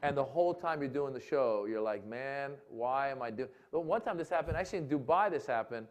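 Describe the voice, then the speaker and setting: A male comedian telling a long anecdote at a live talk event, acting out voices and shouting for laughs. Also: fairly high pitch, lively intonation, fast talker. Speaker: comedian guest. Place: lecture event with audience.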